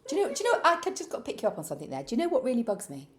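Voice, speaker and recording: A woman co-hosting a podcast, chatting casually at a kitchen table, teasing and quick to laugh. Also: fairly high pitch, huge pitch swings, heavy background noise. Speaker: podcast co-host. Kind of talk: casual chat.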